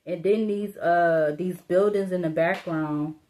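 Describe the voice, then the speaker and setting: Rambling, low-voiced woman reading tarot. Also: a little slow, warm tone. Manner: rambling, thinking aloud, laughing to herself; blunt and informal, cursing casually. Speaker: tarot reader. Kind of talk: casual solo tarot reading.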